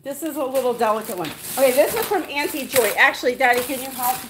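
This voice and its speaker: A woman's voice: sits high, fast, noisy background. A woman hosting a casual live stream, gushing and cooing in a sing-song way at her dogs as she opens gifts. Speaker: pet channel host.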